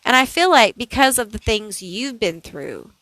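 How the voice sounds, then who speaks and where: A woman's voice: fairly high pitch, big pitch swings, moderate pace, a bit bright, no echo, low-quality recording. A woman doing a casual tarot card reading, thinking aloud in a chatty way with many fillers. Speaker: tarot reader.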